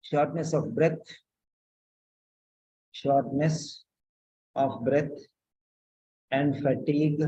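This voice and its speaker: A man tutoring nursing students, correcting a written letter aloud, slow and repetitive, often asking pointed questions. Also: on the high side, steady tone, dark tone, muffled recording, a little hiss or hum.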